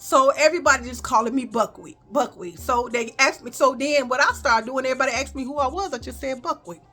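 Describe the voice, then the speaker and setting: A woman spinning a casual storytime to her viewers, lively and chatty, tossing in y'all and baby as she goes. Her voice sits a little high, and soft music runs faintly underneath. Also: fast. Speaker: storyteller vlogger.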